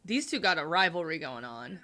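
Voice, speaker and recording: A woman's voice: low-pitched, big pitch swings, fairly quick, pushed and bright, a little hiss or hum. A young woman hosting a casual reaction chat, gushing and emotional, full of "um" and "like". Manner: gushing, emotional, many fillers like "um" and "like". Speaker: host.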